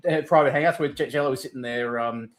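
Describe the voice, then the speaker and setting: A man chatting casually on a stream, telling stories in an animated way with lots of laughter and fillers. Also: mid-range voice, fast talker, crowd noise. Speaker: streamer in group chat. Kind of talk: casual chat.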